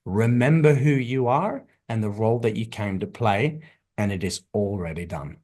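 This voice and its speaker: A man as a podcast guest, speaking emphatically and telling a parable at a slow, deliberate storytelling pace. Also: fairly low pitch, darkish tone. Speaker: guest, spiritual teacher. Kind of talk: podcast interview.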